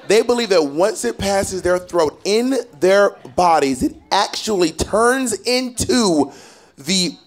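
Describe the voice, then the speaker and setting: Animated, sassy male stand-up comic. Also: high voice. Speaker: stand-up comedian. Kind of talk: stand-up comedy set. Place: comedy stage before a live audience. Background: faint audience laughter.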